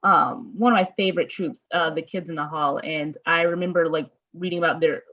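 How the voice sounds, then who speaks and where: A woman's voice: deep voice, fairly even intonation, fairly quick, dull audio. A woman hosting a casual interview, chatty and laughing easily with plenty of fillers. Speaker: interview host. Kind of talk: casual chat.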